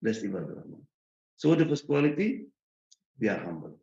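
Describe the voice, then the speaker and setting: A male imam teaches a tafsir lesson in a relaxed, chatty way. He often puts questions to his listeners and laughs between points, and his plain, broken English has a gravelly fry to it. The recording sounds roomy and a little dull. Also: on the low side, fairly quick. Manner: simple, broken English phrasing. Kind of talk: tafsir lecture.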